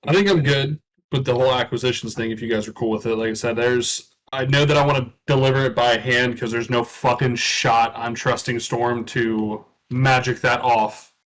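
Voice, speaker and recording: Guy at a tabletop game, blunt, curses a ton, mid pitch, faint hiss behind. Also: fairly even intonation, normal speed, a bit bright, low-quality recording. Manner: blunt, heavy swearing. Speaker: player. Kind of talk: casual chat at a tabletop game.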